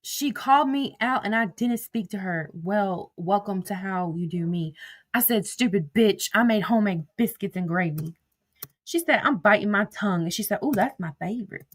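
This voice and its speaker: Blunt, foul-mouthed woman. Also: medium pitch. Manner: blunt and profane, with sudden outbursts. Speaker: social media drama commentator. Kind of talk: casual reading of text message screenshots.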